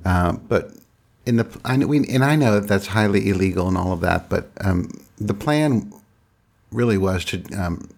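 Deep-voiced man telling a personal story. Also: animated, gravelly, a little mellow. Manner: halting, reflective, frequent restarts.

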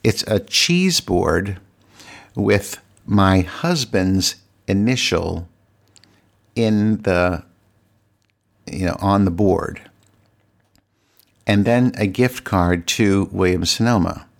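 A man with a very low voice and a rough, gravelly texture hosts his solo podcast on a desk mic. He talks candidly and with open exasperation, tripping into restarts and repeated words as he rambles on. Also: very slow, pauses often. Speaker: podcast host. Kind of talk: casual solo podcast monologue.

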